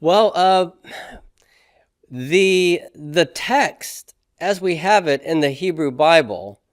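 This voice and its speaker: A fairly high-pitched man with lively intonation teaches grammar at a slow pace, lecturing to a class and going step by step. He frequently asks "okay?" and "right?", and the clean studio recording has no room sound.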